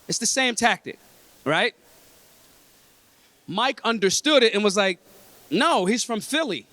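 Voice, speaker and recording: In a dry recording, a Philadelphia man addresses a convention breakfast in an unhurried but expressive way, his high-pitched voice sharp in tone. He's emphatic and streetwise, cursing freely as he gives a blunt talk to the room.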